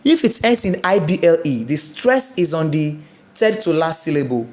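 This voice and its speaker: A woman's voice: low-pitched, very animated, moderate pace, darkish tone. A woman with a Nigerian English accent teaching an exam-prep English lesson, spelling out letters and repeating words, asking and answering her own questions. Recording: echoey room.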